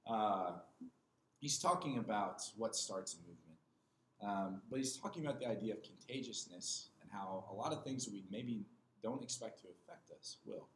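A man in his twenties, a podcast guest, talking in a measured, earnest way and reading a passage aloud. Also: fairly low pitch, slight background noise. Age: 20s. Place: small room with other people. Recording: roomy echo with faint ambience.

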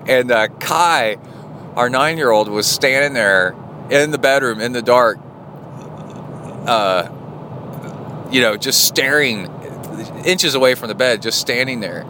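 A man's voice: mid-range voice, unhurried, pauses often, background noise. A man hosting a triathlon podcast, talking in a rambling, casual way with lots of fillers. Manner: rambling, chatty, many fillers. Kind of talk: casual spoken diary.

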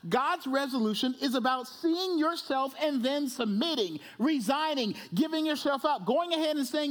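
A man's voice: extremely high pitch, lively intonation, normal speed, few pauses. A man pastor preaching a sermon in a church service, emphatic and conversational, who repeats phrases and keeps asking "right?".

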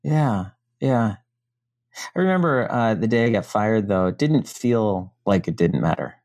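Low-voiced middle-aged man, frank storyteller. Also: a little slow, dry recording, studio quality. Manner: animated, frank, swears casually. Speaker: podcast guest. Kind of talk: casual conversational storytelling.

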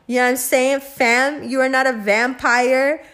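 A woman rants casually and bluntly, cursing freely and filling her talk with "like" and slang. Her voice sits a little on the high side. She laughs easily between points. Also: a little slow. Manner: blunt, profane, animated with frequent laughs and filler "like". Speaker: host. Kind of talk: casual ranting monologue.

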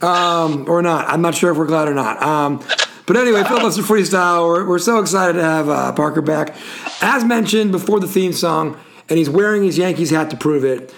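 A man's voice: fairly high pitch, vocal fry. A man hosting a casual sports podcast, chatty and rambling, with frequent fillers and asides. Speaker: podcast host.

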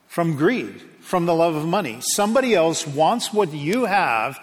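A male preacher with a notably high voice who talks in a relaxed, self-deprecating and chatty way. His sermon rings with a long reverb from a large hall. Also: unhurried. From United States. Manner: conversational, self-deprecating storytelling. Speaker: pastor. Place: church sanctuary.

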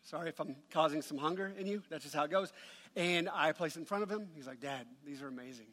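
Middle-aged male pastor, a touch high-pitched, humorous conversational sermon storyteller, church hall reverb. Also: quick pace, a bit bright.

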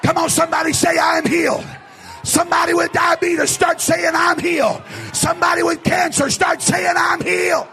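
A male pastor preaching a fervent sermon to a live congregation, building to shouted exhortations. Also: extremely high pitch, flat delivery, moderate pace, creaky, faint music behind, some chatter behind. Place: church service before a congregation.

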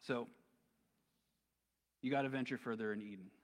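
A man's voice: mid-range voice, moderate pace. Man preaching in a reverberant hall. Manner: conversational preaching with casual slang. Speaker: pastor. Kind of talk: sermon. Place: church sanctuary.

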